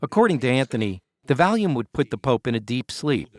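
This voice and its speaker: Lively male podcast narrator. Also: medium pitch. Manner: measured, documentary storytelling. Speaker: host and narrator. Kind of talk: scripted narration.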